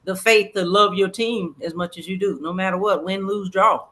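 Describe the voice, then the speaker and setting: Bright, animated superfan guest. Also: medium pitch, normal speed. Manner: animated storyteller who acts out quotes. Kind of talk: casual interview chat.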